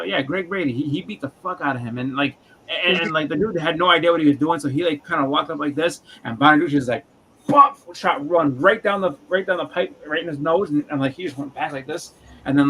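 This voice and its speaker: A man chats loosely on a livestream, spinning long rambling anecdotes and acting out the people in them. His voice is bright and forceful, sitting a touch high for a man. A faint noise sits under the recording. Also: low-quality recording. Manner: rambling storyteller, acts out quotes in funny voices. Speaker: livestream co-host. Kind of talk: casual chat.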